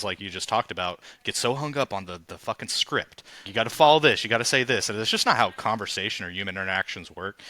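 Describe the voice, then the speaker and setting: A man's voice: fairly low pitch, pushed and bright, no room sound. A man host in casual podcast chat, speaking emphatically like a coach.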